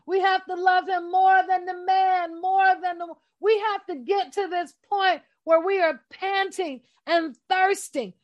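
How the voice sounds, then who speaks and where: Slow, high-voiced woman preaching. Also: steady tone, dull audio. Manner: impassioned, emphatic, talks straight to listeners. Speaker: bible teacher. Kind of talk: casual sermon.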